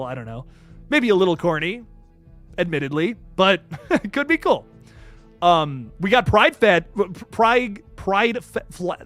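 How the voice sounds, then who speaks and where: A young man hosting a casual live stream, reading out viewer comments in an excitable, animated way and swearing casually. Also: a little high. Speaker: YouTube channel host.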